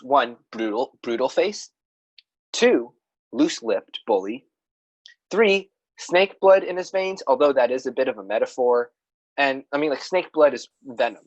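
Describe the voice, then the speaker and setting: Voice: mid-range voice, lively intonation, a little slow. Chatty podcast cohost rambling about writing, restarts a lot, kinda muffled lo-fi audio. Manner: rambling, restarts sentences, laughs at self. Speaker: podcast co-host. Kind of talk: casual chat about writing.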